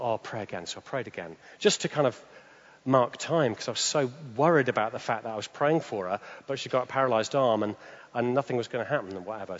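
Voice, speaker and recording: A man preaching a sermon, telling stories and swinging up into high, excited tones. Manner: animated, jumps to high excited pitch. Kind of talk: sermon with storytelling. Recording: dull sound with long hall reverb.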